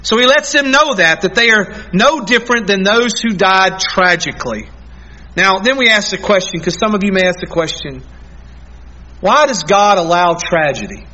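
A man preaching a sermon as pastor, earnest and emphatic, drawing out key words slowly. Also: high voice, expressive, pushed and bright, lo-fi sound.

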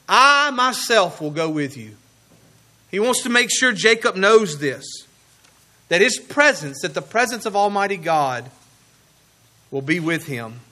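Bright-voiced man preaching a sermon. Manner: earnest preaching, slowing and dropping low on key words. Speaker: pastor.

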